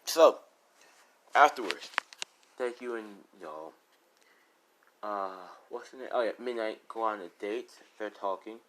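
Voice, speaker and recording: A man's voice: lowish voice, measured pace, long pauses, fairly bright tone. A man casually telling a fan story, rambling and full of fillers as he retells who said what.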